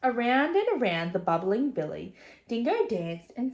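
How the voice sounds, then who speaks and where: A woman reading a children's picture book aloud, with expressive, chatty asides to young listeners. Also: high-pitched, moderate pace, creaky, reverberant. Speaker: storybook reader.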